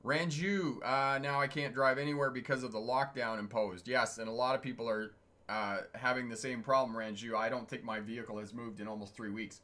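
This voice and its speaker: Middle-aged guy doing a chatty livestream, bright voice, rambles through old stories, laughs a lot. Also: medium pitch, steady tone, a little fast. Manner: chatty and digressive, chuckles often. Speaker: truck driving instructor and channel host. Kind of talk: casual livestream storytelling, reading chat comments.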